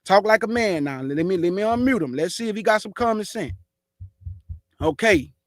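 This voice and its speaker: A man with a Houston, Texas accent hosts a religious talk show with forceful, aggressive passion. His voice sits high for a man. It sounds close and dry. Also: animated, normal speed, no room sound. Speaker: show host.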